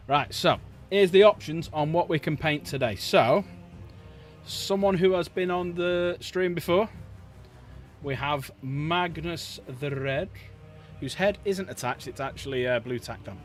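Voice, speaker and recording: A man chats casually and jokes with his viewers as he hosts a livestream. His voice sits a little above the usual male pitch, and his talk is loose and chatty. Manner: chatty, jokey, talks to chat. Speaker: livestream host. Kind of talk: casual chat while painting miniatures.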